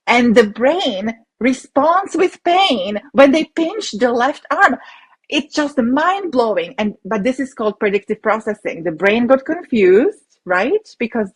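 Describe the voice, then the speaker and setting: A woman doctor, a rheumatologist, explaining ideas in an interview in an animated way with many restarts. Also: mid-range voice, breathy edge. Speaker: rheumatologist guest.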